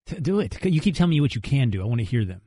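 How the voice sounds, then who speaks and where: A man's voice: mid-range voice, sing-song, rapid-fire, warm tone, no echo. A man co-hosting casual sports talk radio, teasing and prodding his partner.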